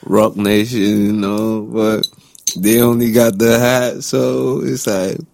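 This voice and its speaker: A man's voice: on the low side, flat delivery, slow pace, creaky, a little mellow, slight background noise. A young man co-hosting a podcast, laid-back with dry humor. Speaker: podcast co-host. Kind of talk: casual podcast chat.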